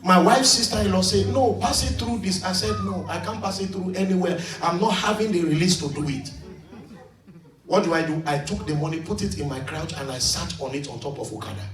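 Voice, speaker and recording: A middle-aged man from Leone, preaching a sermon, swinging from quiet storytelling to shouted calls to the congregation. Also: sits high, brisk. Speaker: pastor. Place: church hall, in front of a congregation. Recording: echoey church hall from far off.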